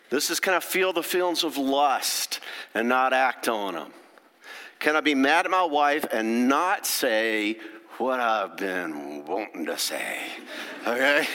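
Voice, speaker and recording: A middle-aged therapist gives a folksy, chatty lecture to an audience, checking in with them often. His voice is on the high side, pushed and bright yet smooth, and a long hall reverb follows it.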